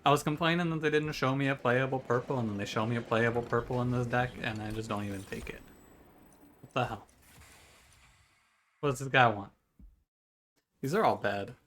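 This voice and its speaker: Game music plays as a man, seated in a room at home by a window, delivers wry, joking gameplay commentary with mock trash-talk. He talks briskly but leaves long pauses, in a medium-pitched, fairly bright voice. A little hiss or hum is audible.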